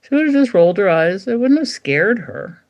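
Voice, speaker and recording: A dog trainer in middle age chats in a casual interview, lively and given to acting out dogs' thoughts in playful voices. Her voice is mid-range and her pace moderate, though the audio is dull.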